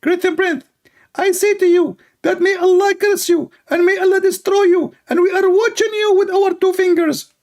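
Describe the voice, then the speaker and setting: A man's voice: very high-pitched, steady tone, normal speed, a little mellow, pitched above the performer's own voice. A man voicing a mocking caricature of a pompous male preacher with a preachy, sing-song, self-important delivery.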